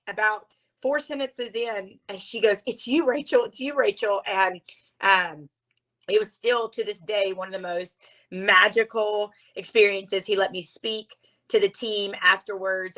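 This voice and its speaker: A woman from Louisiana, a guest author and speaker, telling her story in an expressive, earnest conversational way. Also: medium pitch, low-quality recording.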